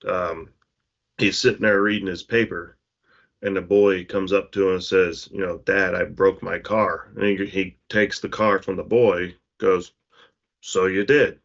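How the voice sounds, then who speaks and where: Low gravelly co-host, halting speech. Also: male voice, steady tone, a bit bright. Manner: halting, searching for words. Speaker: podcast co-host. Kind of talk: casual conversation. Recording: muffled lo-fi call audio.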